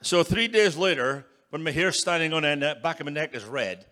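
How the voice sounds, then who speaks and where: A man in his sixties preaching as a guest speaker, emphatic and building to loud calls for an amen. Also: on the high side, expressive, moderate pace. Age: 60s. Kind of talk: sermon.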